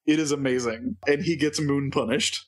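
Steady in tone and moving at normal speed, a man's medium-pitched voice walks through a cartoon episode's plot. He's co-hosting a podcast, keeping the casual chat wry and full of jokes.

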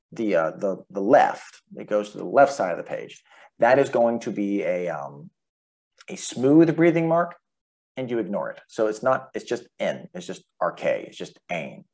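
A man teaching a relaxed, folksy lesson on Greek letters and marks, with chuckles and restarts. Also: lowish voice. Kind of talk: casual instructional lesson.

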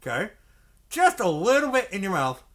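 A man's voice: high voice, huge pitch swings, moderate pace, a bit bright, slight background noise. A man teaching saxophone, explaining step by step, checking in often with "okay?" and acting out the mouth sounds. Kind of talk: instructional music lesson.

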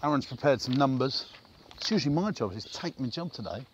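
A man from the UK chats into the camera in a loose, joking vlog, teasing his viewers as he talks. His pitch sits mid-range, and a faint hiss runs under the recording. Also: expressive, quick pace, muffled recording. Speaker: business owner vlogging.

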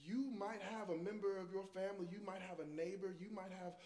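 A man, preaching a sermon through personal stories, swinging between loud passages and hushed ones. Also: high-pitched, steady tone, a little fast. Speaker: guest preacher. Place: church sanctuary. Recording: echoey church hall with long reverb.

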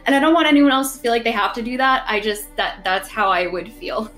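A woman's voice: fairly high pitch, expressive, fairly quick, a bit bright, soft background music. A woman player speaks over a video call in an earnest, considered way. She lays out her thinking carefully and with sincerity. The sound is a plain home computer mic. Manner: earnest, careful, thoughtful explanations. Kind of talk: casual chat on a game call. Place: online group video call.

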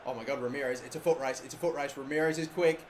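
A young man giving live, excitable commentary on a football video game, swearing often and swinging between muttering and shouting. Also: mid-range voice, very fast, a little hiss or hum. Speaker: gaming video host.

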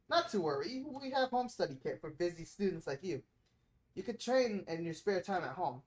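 Brief: prim, formal announcer-school teacher in a game, correcting and salesy, low-pitched, read out by a woman. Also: big pitch swings, normal speed.

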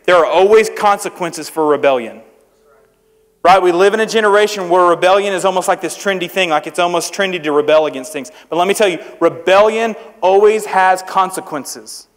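A man's voice: high-pitched, brisk. A young man preaching to students in a church, in a conversational, humorous manner, often asking the crowd questions. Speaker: youth preacher. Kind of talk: sermon to students. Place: church hall. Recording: echoey hall with long reverb.

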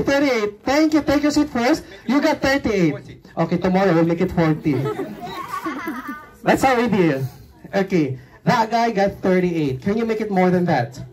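A woman hosting a children's game at a film premiere, coaxing kids up and counting aloud. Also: a little high. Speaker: event host. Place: film premiere event venue.

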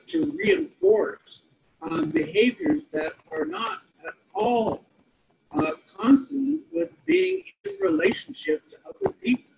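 High gravelly man telling a story. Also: a little hiss or hum. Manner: anecdotal, often checks in with "okay?". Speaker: webinar speaker on disability support. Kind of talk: storytelling talk. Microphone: online call audio. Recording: muffled lo-fi webinar audio.

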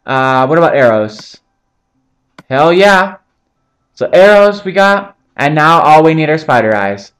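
A man's voice: on the high side, animated, moderate pace, hardly any pauses, fairly bright tone. A young man giving casual, joking commentary over his own gameplay, rambling between topics and swearing often. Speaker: gaming channel host.

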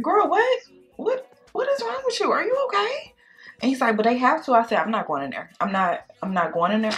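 A woman vlogger chatting casually while doing makeup, telling a date story in a sassy, animated way and calling the listener girl and baby. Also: lowish voice. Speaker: beauty vlogger. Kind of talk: casual storytime chat during makeup tutorial.

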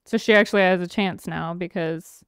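A young woman co-hosting a podcast, firing off dry, teasing comebacks. Her voice is strikingly clean and smooth, and it is captured close and dry with no room around it. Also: on the low side, steady tone, dry recording. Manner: dry, teasing, quick retorts. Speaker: podcast co-host. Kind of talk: casual chat.

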